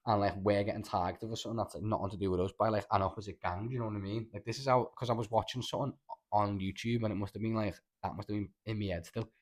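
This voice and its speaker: Liverpool guy on a podcast, lowish voice, talks fast and rambly, swears a lot. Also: steady tone. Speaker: podcast co-host. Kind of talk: casual chat, storytelling.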